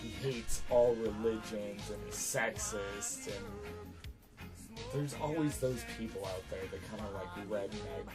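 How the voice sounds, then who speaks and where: A man's voice: lowish voice, unhurried. Rambling man with music behind. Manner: loose and rambling, swearing, bursts of loud excitement. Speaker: podcast co-host. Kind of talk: casual chat.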